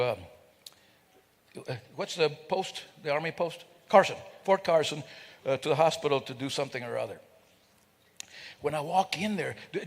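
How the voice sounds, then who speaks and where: A man speaking to an audience at a celebration, telling stories in an animated, joking way and acting out sounds and voices. His voice sits a bit high and has a gravelly edge. A long reverb from the hall trails behind his words. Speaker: guest speaker. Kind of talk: storytelling speech to an audience. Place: event hall.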